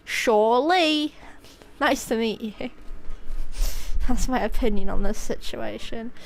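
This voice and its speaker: A woman's voice: on the high side, fairly even intonation, takes it slowly, vocal fry, a little hiss or hum. A woman streaming a video game, giving rambling, giggly, self-mocking commentary. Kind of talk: casual gameplay commentary.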